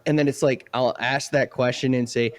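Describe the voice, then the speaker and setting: A man's voice: mid-range voice, steady tone, moderate pace. A man hosting a podcast interview, talking in a loose, rambling way full of fillers. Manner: rambling, lots of fillers like "like" and "they say". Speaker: podcast host. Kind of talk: casual interview chat.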